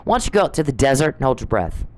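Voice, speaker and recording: On her own podcast, a woman with a rumbling low voice races through an angry personal monologue, very animated. The recording is low quality though free of echo, and she tells her story bluntly with swearing, confronting someone directly.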